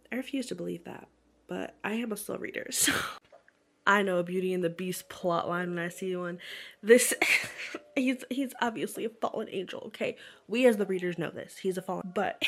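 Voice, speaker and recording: A woman's voice: medium pitch, normal speed, creaky. A woman hosting a casual book vlog, chatting about a novel she is reading and laughing often as she goes. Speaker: booktube host.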